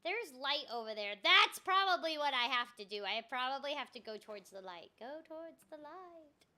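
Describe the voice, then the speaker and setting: A young woman with a high, bright voice talks her way through a game, chatty and self-mocking. Her pitch swings a lot as she mutters to herself. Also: expressive, brisk. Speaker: voice actor streaming a game. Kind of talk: casual gameplay chat.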